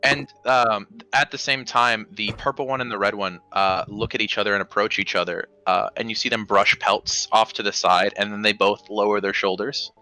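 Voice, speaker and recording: A man's voice: fairly low pitch, steady tone, normal speed, few pauses, sharp tone, soft background music, low-quality recording. A man narrating as dungeon master of a tabletop game, describing scenes with frequent ums and restarts. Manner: descriptive, hesitant with many ums.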